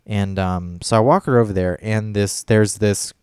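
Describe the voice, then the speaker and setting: A man's voice: on the low side, steady tone, normal speed, a little mellow, clean tone, dry recording, studio quality. A man telling a story in a casual podcast chat, rambling and swearing often. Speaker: podcast co-host.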